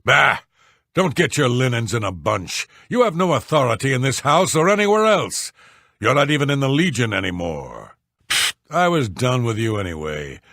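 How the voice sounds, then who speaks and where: An actor voicing a series of rough male warriors, guards and sailors in video game dialogue, blunt and scornful. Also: medium pitch, a bit bright, dry recording, clean studio sound, full character voice. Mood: contemptuous.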